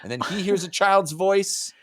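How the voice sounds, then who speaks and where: A man co-hosting a book-club podcast, talking in a lively voice that swings a lot in pitch. He laughs often and breaks into goofy character voices as he recaps. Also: moderate pace. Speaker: podcast co-host. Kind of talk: casual book-club chat.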